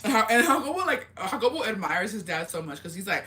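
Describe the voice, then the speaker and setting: A woman's voice: mid-range voice, very animated, fairly quick, pushed and bright. A young woman chatting casually on her vlog, telling family stories with lots of swearing and laughter. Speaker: vlogger. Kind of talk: casual storytelling chat.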